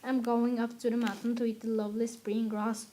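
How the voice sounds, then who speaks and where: A woman's voice: fairly high pitch, level tone, fairly quick, mellow, a little hiss or hum, close to an everyday voice. A woman reading aloud as the second billy goat, speaking in a middle-sized voice and pleading with the troll.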